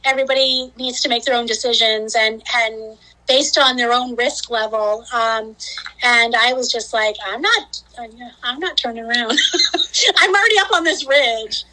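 A woman with a high, bright voice tells a long story as a podcast guest. She talks casually, with plenty of fillers and lively quotes of herself. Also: moderate pace, low-quality recording. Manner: chatty, many fillers, acts out her own quotes.

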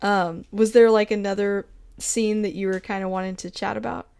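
A woman's voice: mid-range voice, fairly even intonation, normal speed, creaky, darkish tone, no echo. A woman in casual conversation about a film, laughing often and acting out characters' lines as she retells scenes. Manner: chatty, laughs often, acts out quoted lines.

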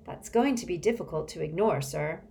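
A woman's voice: low-pitched, lively intonation, normal speed, creaky, warm tone, slight background noise. A woman voicing a brave, clever boy who speaks politely and evenly.

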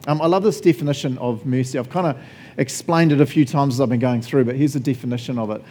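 A man's voice: a little high, quick pace, mellow, slight background noise. A male pastor preaching a sermon conversationally, laughing often and asking the congregation questions.

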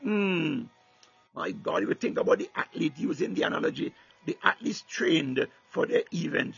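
A man's voice: a little high, very animated, moderate pace, gravelly, fairly bright tone, breathy edge, highs cut off, soft background music. A man preaching a sermon with fervor, repeating "my God" and "hallelujah" between phrases and breaking into tongues.

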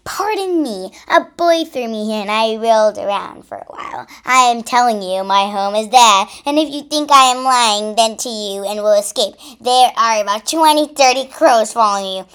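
Storybook hero: a small, plucky centipede read by a woman, earnest, unhurried. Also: medium pitch, lively intonation. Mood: insistent. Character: small brave female centipede.

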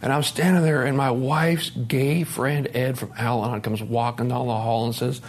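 A man's voice: mid-range voice, fairly even intonation, moderate pace. Middle-aged guy from montana telling his story at a recovery meeting, blunt, swears, acts out what people said. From Montana, USA. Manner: candid storytelling, blunt with profanity, acts out dialogue. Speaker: recovery conference speaker. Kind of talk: personal testimony talk.

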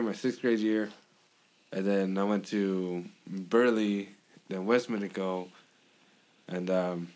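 A young man from Idaho, a podcast guest, telling stories in casual, profane chat and acting out the other people's lines. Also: lowish voice. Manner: animated, profane, acts out quoted dialogue.

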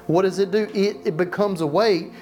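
Passionate pastor preaching. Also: male voice, sits high, fairly even intonation, moderate pace, darkish tone. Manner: passionate, repetitive restarts, rhetorical questions. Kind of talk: sermon. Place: church.

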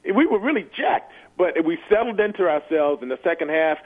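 A man's voice: a little high, animated, brisk, over a noisy crowd. A man in his sixties, a former football player, speaking earnestly as a guest in a phone interview and often repeating words as he searches for them. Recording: tinny phone line.

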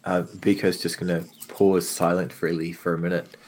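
A man's voice: low-pitched, level tone, normal speed, darkish tone. A man playing a tabletop game, describing his character's moves casually. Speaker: player.

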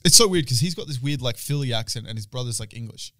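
Fast-talking young man. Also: medium pitch, no room sound, clean studio sound. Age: young adult. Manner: rambling, swears a lot, animated storyteller. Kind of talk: casual chat.

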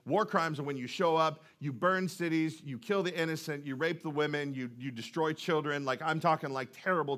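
Male pastor, church sermon, conversational delivery with questions to the room, slightly high voice. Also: fairly bright tone. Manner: conversational, asks the congregation questions.

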